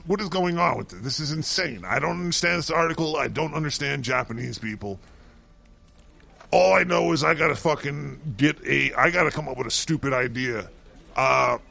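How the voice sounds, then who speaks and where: Gravelly, bright-voiced ranting man. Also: on the high side. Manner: ranting, swears constantly, mocking. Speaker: co-host doing a segment. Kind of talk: profane comedic rant.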